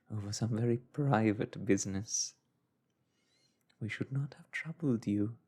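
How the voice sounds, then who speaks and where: Guy whispering a creepy older man, slow and quiet menace, breathy storybook whispered role-play. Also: mid-range voice. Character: sinister older man, softly menacing, giggling.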